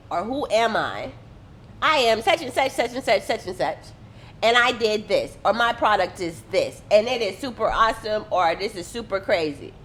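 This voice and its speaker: A woman hosting a casual marketing talk, animated and acting out quotes as she explains. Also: fairly high pitch, a little hiss or hum. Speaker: host.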